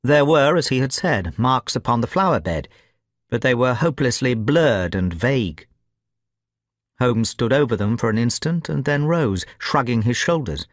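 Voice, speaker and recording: Male storyteller, clear learner-friendly reading, varied intonation. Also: medium pitch, expressive, moderate pace, no echo, clean studio sound. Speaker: audiobook narrator. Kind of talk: scripted story narration.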